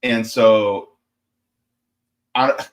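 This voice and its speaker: A man's voice: on the low side, fairly even intonation, drawn-out words. An American man, a guest on a casual political chat, explaining his points with hesitant restarts and little stories. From United States.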